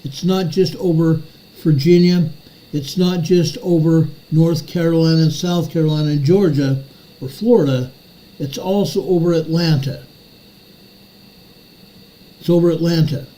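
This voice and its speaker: A man's voice: fairly high pitch, unhurried, long pauses, warm tone, poor audio. An older man hosting a commentary show, ranting furiously and repeating his phrases for emphasis. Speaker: show host.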